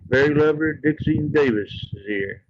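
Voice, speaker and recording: A man's voice: fairly high pitch, moderate pace, breathy edge, dry recording. Earnest rambling man, dry dull sound. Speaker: livestream host. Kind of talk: casual livestream chat.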